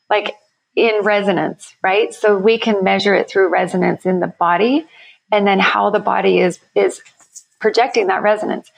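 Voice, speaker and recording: Gravelly-voiced woman founder explaining. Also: medium pitch. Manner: enthusiastic, explanatory, self-correcting. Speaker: company founder, guest. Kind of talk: podcast interview.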